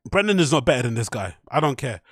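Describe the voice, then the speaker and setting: A man's voice: medium pitch, very animated, fast, husky, dry recording, studio quality. A British man hosting a livestream reaction show, talking bluntly and rambling, with frequent swearing. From United Kingdom. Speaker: livestream host.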